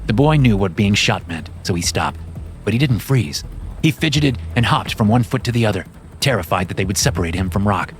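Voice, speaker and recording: A man narrating a horror story in a measured, steady scripted reading. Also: lowish voice, slight background noise.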